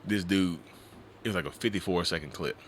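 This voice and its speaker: Fast-talking deep-voiced man. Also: a little hiss or hum. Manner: animated, slips into acted voices. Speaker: podcast guest, mental health advocate. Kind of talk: casual podcast conversation.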